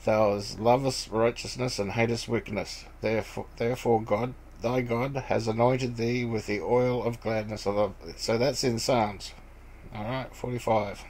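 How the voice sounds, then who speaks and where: A man giving an informal Bible teaching. He reads scripture aloud, then explains it in a rambling, halting way, with many fillers and restarts. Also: medium pitch, fairly even intonation, darkish tone, rough recording. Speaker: preacher.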